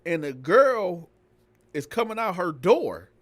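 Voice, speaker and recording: A man's voice: high-pitched, slow pace. A man telling a story in casual storytelling style, acting out each character. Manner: animated, acts out every character. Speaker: storyteller host.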